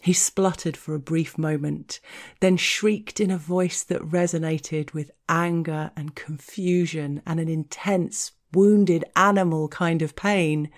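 A woman narrates an explicit erotic story in a frank, deliberate manner. Her voice sits low and she takes her time. Now and then she drops into a whisper. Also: fairly even intonation.

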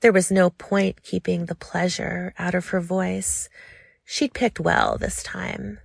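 A woman narrating a story in a slow, lingering, intimate way. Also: fairly low pitch, little pitch movement, vocal fry, slightly rough, no room sound, clean studio sound.

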